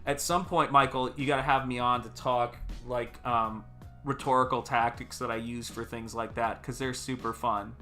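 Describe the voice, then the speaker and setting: Chatty, bright-voiced American man streaming. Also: medium pitch, fairly even intonation, moderate pace, soft background music. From United States. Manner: rambling, chatty, greets viewers in chat. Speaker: artist livestream host. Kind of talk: casual livestream chat.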